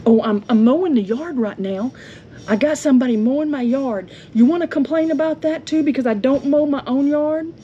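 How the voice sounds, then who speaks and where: A woman's voice: high voice, brisk, warm tone. Angry woman venting at home. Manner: indignant, confrontational, rhetorical questions. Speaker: homestead vlogger. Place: home with yard being mowed. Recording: dull lo-fi audio with faint noise.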